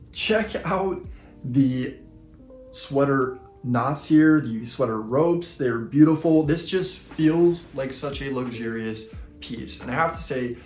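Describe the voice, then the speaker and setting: A man filming an excited unboxing vlog, gushing and effusive, heaping on superlatives. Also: mid-range voice. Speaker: fashion vlogger. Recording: roomy echo, faint background music.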